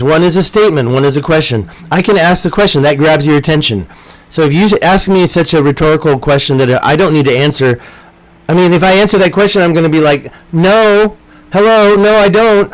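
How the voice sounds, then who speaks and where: A man's voice: a little high, rough recording. A man teaching an informal online English lesson, rambling and talking to himself as he edits his slides. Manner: rambling, talks to himself while editing slides.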